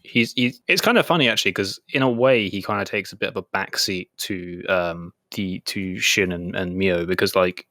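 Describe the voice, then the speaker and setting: Chatty man with a bright voice. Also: low voice, normal speed, hardly any pauses, dry recording, studio quality. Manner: chatty, many "like" fillers, retells scenes in quoted voices. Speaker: podcast co-host. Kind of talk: casual chat.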